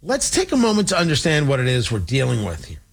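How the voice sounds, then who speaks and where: A man's voice: mid-range voice, wildly swooping pitch, fast, gravelly, breathy edge. A man from Indiana hosting a talk radio show, giving sarcastic, digressive political commentary.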